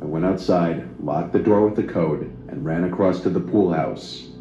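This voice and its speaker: A man reads a horror story in a steady, even way, with a very deep, mellow voice. The recording is roomy and slightly dull, with faint music underneath. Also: normal speed. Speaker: story narrator. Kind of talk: scripted horror story narration.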